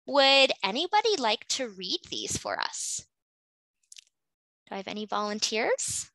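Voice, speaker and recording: A woman's voice: fairly high pitch, big pitch swings, measured pace, gravelly, bright, forceful tone, no echo, rough recording. A Canadian woman teaching an English class over a video call, patiently explaining grammar and calling on students.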